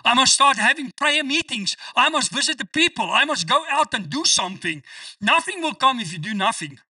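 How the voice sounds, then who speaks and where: A man preaching with a high, very lively voice that swoops up and down as he stresses his points. His tone is bright and sharp, and he sounds a little far from the mic in a dry space. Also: husky, no room sound. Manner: emphatic preaching, quotes scripture with slow stressed delivery. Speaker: pastor. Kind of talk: sermon.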